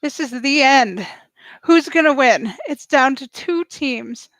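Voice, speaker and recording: High-voiced, excitable woman vlogger. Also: takes it slowly, no room sound, low-quality recording. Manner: excitable, gushing, talks straight to viewers. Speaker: reaction vlogger. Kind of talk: live reaction commentary.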